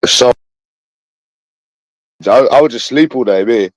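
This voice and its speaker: A man's voice: medium pitch, takes it slowly, dry recording, rough recording. A man with a London accent, talking to his viewers in a rambling livestream monologue. He sounds bitter, repeats himself and swears often.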